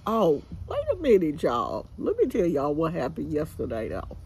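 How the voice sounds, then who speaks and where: Animated older Bay Area woman. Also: low voice, moderate pace, slightly rough. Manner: animated, chatty, slangy storytelling. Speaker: vlogger. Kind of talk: casual storytelling to viewers. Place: outdoors in a home yard. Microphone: phone camera held by speaker.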